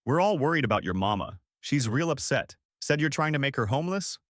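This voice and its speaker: A man's voice: medium pitch, big pitch swings, brisk, no echo, studio quality, pitched above the performer's own voice, close to an everyday voice. A man voicing a sweet-talking, guilt-tripping middle-aged aunt in a storybook narration. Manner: syrupy, guilt-laced.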